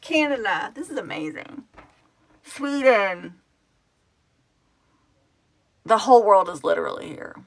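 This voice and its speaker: A woman's voice: medium pitch, lively intonation, moderate pace, creaky, dry recording. A middle-aged woman chatting casually on a live stream as founder of a fan project, emotional and tearful as she reads out where viewers are from. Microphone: phone.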